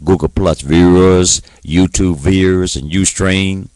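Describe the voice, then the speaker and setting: A man's voice: deep voice, animated, moderate pace, no echo, low-quality recording. A man hosting his own live online show, talking angrily to his viewers with lots of stammered restarts and sudden outbursts. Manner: angry, repetitive, stammering restarts, shouting peaks. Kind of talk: impassioned solo monologue.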